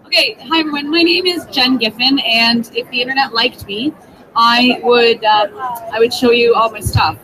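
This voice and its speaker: A woman's voice: on the high side, steady tone, normal speed. A woman from Ontario with a Canadian accent, giving a bubbly, self-deprecating tech presentation at a conference. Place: busy conference floor. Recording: noisy crowd in background.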